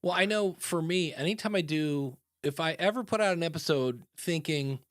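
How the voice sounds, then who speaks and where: A man hosting a podcast in casual chat, animated and acting out quoted voices. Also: on the high side, normal speed, dry recording, studio quality. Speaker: podcast host.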